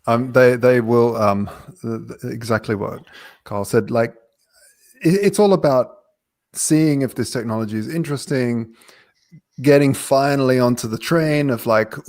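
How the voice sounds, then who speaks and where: A man's voice: mid-range voice, measured pace, a little mellow, dry recording, studio quality. A man on a discussion panel, talking animatedly with some stammering and acted-out quotes. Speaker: panel guest. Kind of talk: casual discussion.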